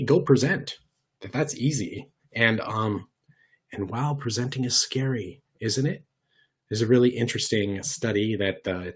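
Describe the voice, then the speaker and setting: A man giving an online workshop lesson in a lively, conversational way, often demonstrating voice shifts. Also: on the low side, slightly rough. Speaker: workshop presenter.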